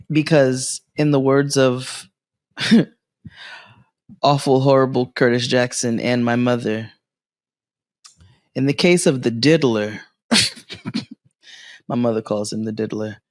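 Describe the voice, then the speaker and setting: A man co-hosting a comedy podcast from a living room, telling stories in animated, quick bursts with frequent laughs. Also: mid-range voice, no echo, clean studio sound. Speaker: podcast co-host. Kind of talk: casual comedic chat.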